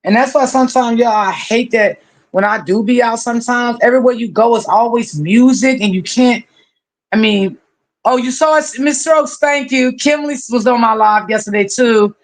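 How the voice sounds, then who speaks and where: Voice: mid-range voice, moderate pace. Chatty livestream host greeting viewers. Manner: warmly familiar, calls people honey and baby.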